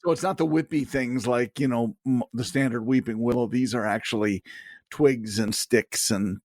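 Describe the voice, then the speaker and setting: Podcast co-host: man, middle pitch, jokey and laughing, dry close sound. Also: steady tone, moderate pace, darkish tone, dry recording. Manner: jokey, laughs often, stumbles and restarts. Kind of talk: casual chat.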